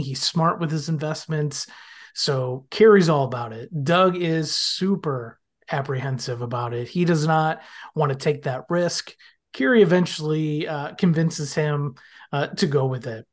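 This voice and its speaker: A man's voice: a little high, moderate pace. Man animatedly recapping a sitcom episode. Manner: animated storytelling, acting out characters' lines. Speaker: podcast guest. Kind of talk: casual podcast episode recap.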